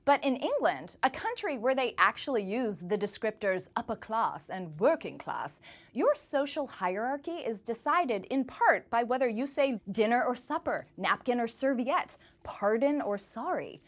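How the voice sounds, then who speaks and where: A woman's voice: a little high, very animated, normal speed, few pauses. A woman correspondent in her thirties giving a playful scripted news commentary, slipping into a mock-British accent.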